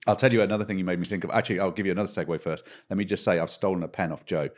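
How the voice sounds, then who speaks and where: A man's voice: low-pitched, fairly even intonation, very fast. A middle-aged man co-hosting a podcast, chatting casually and animatedly, often restarting his sentences mid-thought. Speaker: podcast co-host. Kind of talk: casual chat.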